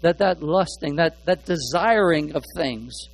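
High-voiced pastor with halting delivery. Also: male voice, lively intonation, vocal fry, poor audio. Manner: halting, repeats words while searching for phrasing; shifts between hushed asides and emphatic stressed words. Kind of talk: sermon.

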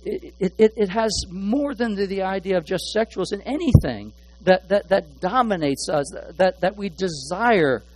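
A man preaching from the pulpit in a high, light voice. He stumbles and repeats little words as he gropes for a phrase. Then he leans hard on single words before dropping back to a near murmur. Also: animated, poor audio. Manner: halting, repeats words while searching for phrasing; shifts between hushed asides and emphatic stressed words. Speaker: pastor. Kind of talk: sermon.

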